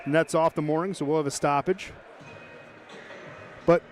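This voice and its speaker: A man calling live hockey play-by-play, brisk and chatty, tossing in joking asides. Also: fairly high pitch, fairly even intonation. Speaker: play-by-play commentator.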